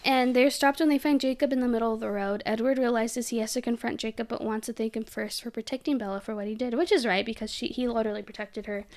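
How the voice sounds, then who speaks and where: A woman's voice: fairly high pitch, steady tone, fast talker, hardly any pauses, darkish tone. Chatty young woman podcast host. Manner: chatty, giggly, lots of "like" and "um". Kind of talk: casual chat recapping a film.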